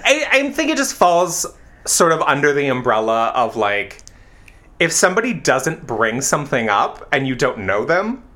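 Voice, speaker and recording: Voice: mid-range voice, big pitch swings, normal speed, a bit bright. A podcast co-host in casual chat, blunt and wry, who swears for emphasis.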